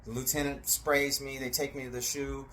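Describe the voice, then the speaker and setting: A man telling a story in a casual, animated way, acting out voices and sound effects and swearing freely. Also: mid-range voice, normal speed, noisy background.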